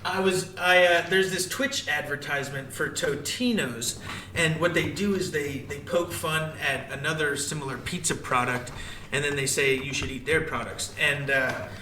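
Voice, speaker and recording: A young man co-hosting a podcast in casual chat, hesitant at first and trailing off, then growing animated as he tells a story. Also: a little high, normal speed, far from the mic. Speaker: podcast co-host. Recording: echoey, off-mic with faint room noise.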